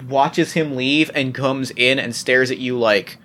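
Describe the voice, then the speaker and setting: A man narrating as game master, talking in halting bursts full of restarts and fillers. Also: medium pitch, fairly even intonation, a bit bright.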